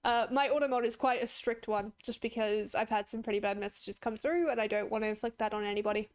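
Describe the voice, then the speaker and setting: A woman's voice: fairly high pitch, quick pace. A woman with an English accent and an Australian twang, chatting emotionally and laughing while streaming a game. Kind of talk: casual gaming commentary.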